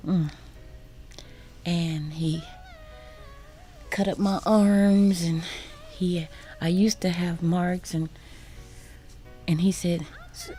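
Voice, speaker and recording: A woman telling a personal story as a radio guest, halting and repeating words, sometimes dropping to a whisper. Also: on the low side, fairly even intonation, warm tone, faint music behind. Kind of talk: personal testimony in a radio interview. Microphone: studio microphone.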